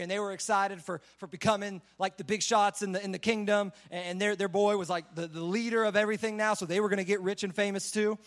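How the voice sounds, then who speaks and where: A young man preaches a casual, conversational sermon, retelling a Bible story and saying "like" a lot. His voice is high-pitched and a bit bright.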